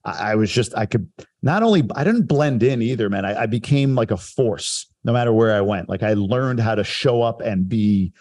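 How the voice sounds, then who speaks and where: A man's voice: on the low side, animated, moderate pace, a little mellow. A man from Long Island telling stories about his childhood in a casual, reflective and self-deprecating way on a podcast. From Long Island, New York. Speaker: guest telling his life story.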